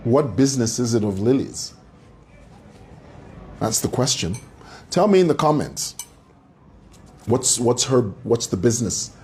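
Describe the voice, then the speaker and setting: Host, male, mocking commentary monologue, lively pitch that swings up and down, preacher-like asides to the audience. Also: measured pace, pauses often, a little hiss or hum. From Zambia. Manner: combative, mocking, preacher-like address to viewers.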